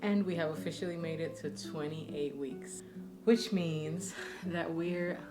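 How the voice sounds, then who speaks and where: A young woman narrates her family vlog in a low, soft, conversational voice. She sounds slightly out of breath as she talks. Clear acoustic guitar music plays beneath her. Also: unhurried. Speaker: vlogger, stay-at-home mom.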